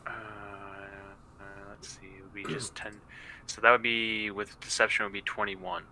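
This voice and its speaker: A man playing in a tabletop game with a lowish but strikingly bright, sharp-edged voice. He talks hesitantly, filling pauses with "uh" as he works through numbers. His tone carries a tense edge. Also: little pitch movement, low-quality recording. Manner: hesitant, full of fillers. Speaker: player.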